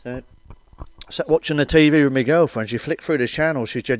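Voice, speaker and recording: A man's voice: on the high side, fairly quick, no room sound. A middle-aged man doing stand-up. He tells crude, sweary jokes, keeps asking "you know what I mean," and laughs at his own punchlines. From Wales. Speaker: comedian. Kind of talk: crude stand-up joke telling.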